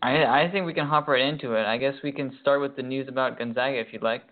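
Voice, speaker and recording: A man's voice: mid-range voice, quick pace. A man co-hosting a sports podcast in casual chat, agreeable and matter-of-fact. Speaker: podcast co-host. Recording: tinny phone-like line.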